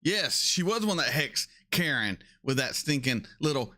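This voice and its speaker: A man hosting a casual livestream, talking in an opinionated way, repeating points for emphasis and often jumping up in pitch when he gets excited. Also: normal speed. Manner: frequent excited jumps up in pitch. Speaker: reaction channel host.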